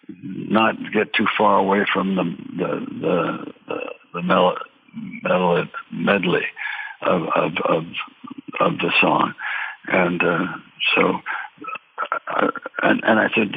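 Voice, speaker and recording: An older man, a drummer and producer, telling stories in an interview with many halting restarts and fillers. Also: low-pitched, vocal fry, breathy edge. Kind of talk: storytelling interview. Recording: tinny phone-like line.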